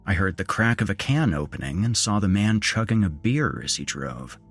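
A man narrating a horror story in a measured, grim way. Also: low voice, animated, breathy edge, faint music behind.

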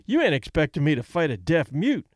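A man's voice: on the high side, huge pitch swings, brisk, no echo, clean studio sound. A man reading an audiobook, voicing a cocky, shrewd young male boxer with a breezy, boastful manner. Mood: mocking.

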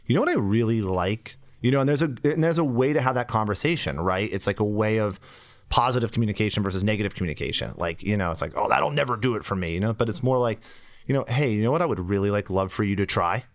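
A man's voice: on the low side, animated, fast, no room sound. A man guest on a podcast, talking casually in a rambling way with lots of fillers. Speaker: guest, sex toy company executive.

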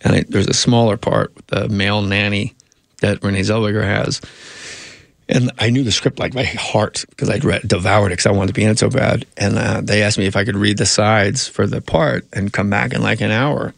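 A man's voice: lowish voice, fairly even intonation, normal speed, gravelly, no echo, clean studio sound. A man, a comedian and actor, telling rambling anecdotes in a casual interview, often cutting himself off.

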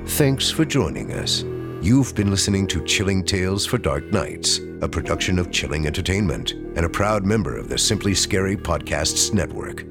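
A man hosting a horror podcast, reading a scripted outro in a smooth announcer manner with a dramatic, drawn-out sign-off. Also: low voice, expressive, over music. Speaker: podcast host.

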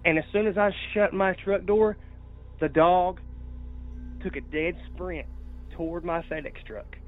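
A man on a tinny phone line. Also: sits high. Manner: halting, repeats words, restarts often. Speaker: caller. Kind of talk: telling a personal story by phone.

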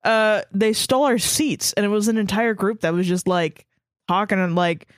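A woman co-hosts a podcast in casual chat, sounding upbeat and swearing freely. Her voice is medium-pitched at a normal speed, captured in a dry, clean studio recording.

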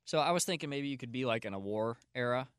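A man's voice: mid-range voice, lively intonation, fast talker, clear, resonant tone, no room sound, clean studio sound. A man co-hosting a comedy podcast, casually setting up the bit with hesitant fillers. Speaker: podcast co-host.

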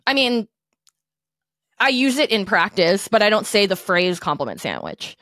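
A woman's voice: mid-range voice, big pitch swings, normal speed, a bit bright, no echo, studio quality. A woman comedian hosting a podcast, chatting casually in a rambling, self-deprecating way.

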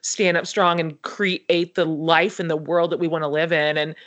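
A woman with a lowish voice speaks on a podcast, listening closely and answering in encouraging, affirming words. She builds on her partner's story with her own reflection. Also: flat delivery, moderate pace, a bit bright. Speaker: podcast co-host. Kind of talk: supportive conversation.

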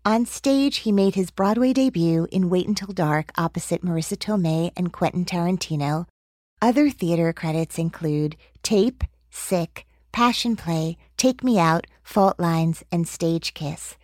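A woman's voice: on the low side, a little slow, darkish tone, dry recording, studio quality. A woman hosting an interview podcast, reading a guest introduction and then chatting in an upbeat, teasing way. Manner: upbeat, teasing, laughs often. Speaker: podcast host.

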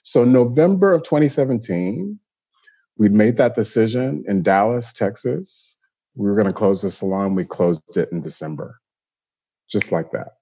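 Husky low-voiced man, muffled sound. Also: normal speed. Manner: animated storyteller, acts out quoted voices. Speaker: hairstylist and salon owner. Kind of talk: conversational interview answers.

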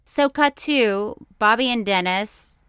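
A woman's voice: mid-range voice, slow, a bit bright, smooth. A woman co-hosting a podcast, chatting and giggling as she talks. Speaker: podcast co-host. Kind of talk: casual chat.

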